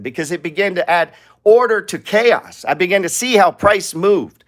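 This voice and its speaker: Brief: high-voiced male trading teacher, blunt and profane, talks through charts with rhetorical questions. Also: lively intonation, moderate pace. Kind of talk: live trading lesson with charts.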